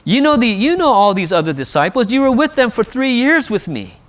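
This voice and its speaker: A man's voice: high-pitched, wildly swooping pitch, measured pace, vocal fry, a bit bright, voice pushed up, exaggerated voice. A man voicing Jesus as an exasperated man chiding a stubborn friend with pointed, incredulous questions.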